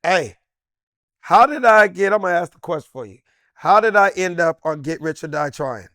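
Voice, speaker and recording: A comedian in his fifties from Los Angeles, telling stories as an interview guest in a lively, slangy, emphatic way and acting out the voices of the people he quotes. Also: high-pitched, normal speed, dry recording, clean studio sound. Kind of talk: animated storytelling in a sit-down interview.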